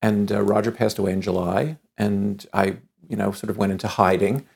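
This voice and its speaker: A man telling a long anecdote in conversation, lively and acting out the dialogue, often restarting his sentences with stammers. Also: fairly low pitch, a little fast, gravelly. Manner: lively storyteller who acts out quoted dialogue.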